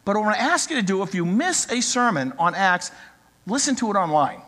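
A man's voice: sits high, sing-song, brisk, sharp tone. A man in his sixties preaching a sermon as pastor, talking conversationally and joking with the congregation. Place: church. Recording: reverberant church hall.

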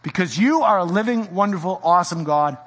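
Impassioned high-voiced pastor in a church. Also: male voice, expressive, brisk, long reverb tail. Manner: impassioned, swinging from loud exhortation to hushed intensity. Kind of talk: sermon.

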